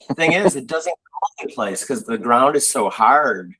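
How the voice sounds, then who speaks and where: A man's voice: mid-range voice, moderate pace, breathy edge, poor audio. A man co-hosting a casual chat, telling rambling stories with lots of fillers. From Buffalo, New York. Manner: rambling storyteller, animated, frequent fillers. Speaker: co-host.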